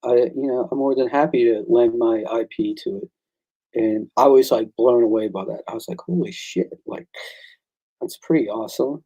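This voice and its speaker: Man, comic creator, casual chat, mellow tone, husky, acts out quoted lines. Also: mid-range voice, moderate pace, dull audio. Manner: excitable storyteller, acts out quoted exchanges. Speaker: comic book creator and artist.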